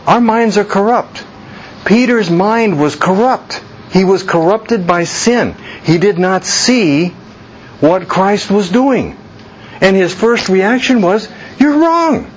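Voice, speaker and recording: A man preaching a sermon slowly and deliberately, jumping to a much higher pitch when he voices people's reactions. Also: muffled recording, a little hiss or hum. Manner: slow deliberate preaching, voice leaps high for quoted reactions. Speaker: pastor.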